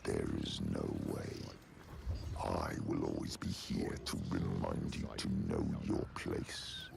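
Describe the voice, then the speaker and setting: An actor playing a cruel, domineering spectral father voice in a game, with a deep gravelly sound and slow contemptuous taunting. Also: fairly even intonation, exaggerated voice. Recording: game audio with ambient noise.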